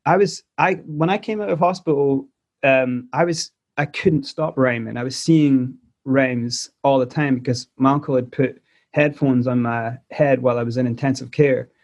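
At a moderate, steady pace and in a darkish medium-pitched tone, a man in his forties tells his life story in a casual podcast interview. His Scottish accent carries South African traces, his delivery rambles with many restarts and "like" fillers, and the audio is dull and lo-fi.

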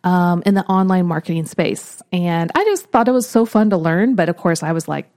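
A woman hosting a podcast, telling a personal story in an earnest, reflective way, often trailing off softly. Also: on the low side, brisk. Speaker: podcast host.

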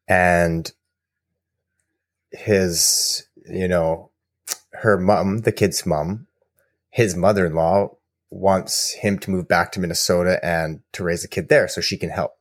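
A man co-hosting a podcast, telling rambling, animated stories in casual chat. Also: deep voice, no room sound, clean studio sound. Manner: rambling, animated storyteller with fillers. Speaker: podcast co-host.

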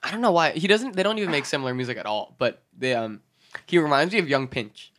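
A man's voice: a little high, expressive, fast talker, fairly bright tone, slight background noise. A man hosting a casual podcast chat with friends, laughing often and moving the talk along. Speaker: podcast host.

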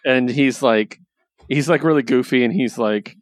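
A man's voice: mid-range voice, normal speed, no echo. A man hosting a casual talk, recapping stories with enthusiasm and plenty of ums and likes. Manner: enthusiastic, lots of fillers. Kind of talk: casual chat.

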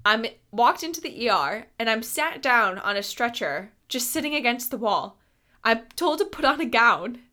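Speaking at an ordinary pace in a higher register, a twenty-something podcast host recounts something from her own life. She keeps it animated and relaxed, with frequent laughter and plenty of filler words.

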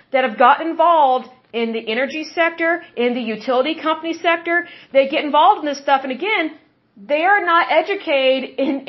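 A woman hosting a podcast, delivering an indignant, sarcastic monologue. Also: high voice. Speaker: podcast host. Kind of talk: opinionated monologue. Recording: dull lo-fi sound.

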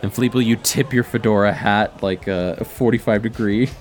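Low-voiced man narrating a tabletop game. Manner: drawn-out, descriptive narration with chuckles. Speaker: game master.

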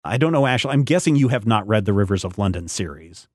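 A man with a fairly low voice hosts a casual podcast chat, rambling along and stopping to hunt for names and details. His voice sits close and dry on the mic, with no room around it. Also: big pitch swings, fast talker, no echo. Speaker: podcast host.

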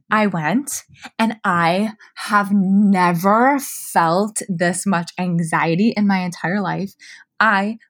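A young woman co-hosting a podcast, telling a story in a casual, animated way that is full of swearing and "like". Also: medium pitch. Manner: animated, profane, lots of "like". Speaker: podcast co-host.

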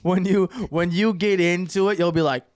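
A young man co-hosting a podcast, chatting casually and excitedly, swearing often. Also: high voice, moderate pace, smooth, dry recording, clean studio sound. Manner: excited, swears, restarts a lot. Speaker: podcast co-host. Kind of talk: casual chat.

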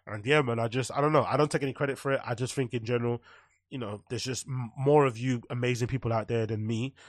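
Rambling, swearing podcast host. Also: male voice, medium pitch, fairly even intonation, fast talker, dry recording, clean studio sound. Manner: swears freely, rambling with fillers. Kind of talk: casual solo rambling podcast.

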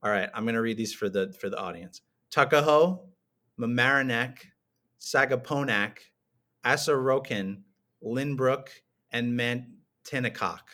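A man hosting a casual podcast quiz, calmly reading out lists of place names. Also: mid-range voice, measured pace. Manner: plain, steady, reads out lists. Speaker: podcast host running a quiz game.

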